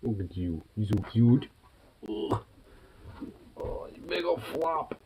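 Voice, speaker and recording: A man's voice: very animated, takes it slowly, mellow, a little hiss or hum. Man cooing and teasing his dog. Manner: affectionate teasing baby talk, often yelping high and laughing. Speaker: vlogger. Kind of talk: casual talk to a pet dog.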